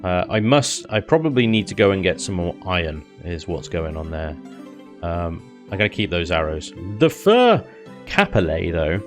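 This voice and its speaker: A man's voice: deep voice, sing-song, normal speed, over music. A man giving casual, joking commentary while playing a video game, laughing often. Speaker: gaming YouTuber.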